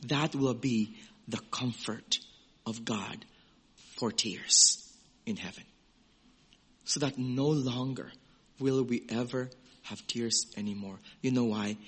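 A man preaching a sermon in a conversational, animated way, swinging from loud exclamations to hushed, gentle passages and acting out little quoted voices. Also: mid-range voice, takes it slowly, long pauses, husky. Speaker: pastor.

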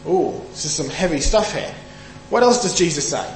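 Reading scripture aloud and explaining it, a UK preacher delivers his Sunday sermon emphatically, putting questions to the congregation. He speaks at a normal pace in a slightly high voice with lively intonation, captured in an echoey hall with a faint hum.

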